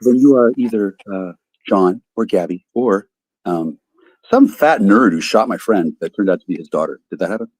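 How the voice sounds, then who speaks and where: A man's voice: low-pitched, normal speed, darkish tone, dry recording. A man on a video call ranting angrily and combatively, swearing heavily as he fires back at questions. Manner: angry, combative, profane. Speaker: guest on a live call-in stream. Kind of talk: profane ranting.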